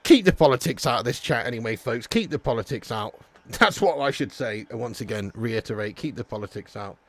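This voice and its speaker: A man's voice: medium pitch, expressive, a little fast. A man hosting a live football watch-along, rowdy, joking and swearing. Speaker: match watch-along host.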